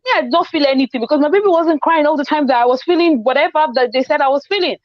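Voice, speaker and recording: A woman hosting a casual group chat, telling a personal story in an animated way and acting out the dialogue. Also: sits high, rapid-fire, no echo, lo-fi sound. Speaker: host. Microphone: video call.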